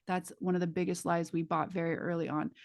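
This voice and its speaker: Low-voiced woman teaching a live class. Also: level tone, fairly quick, gravelly. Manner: casual, emphatic, swears freely; vivid imagery, direct address to students. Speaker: class facilitator.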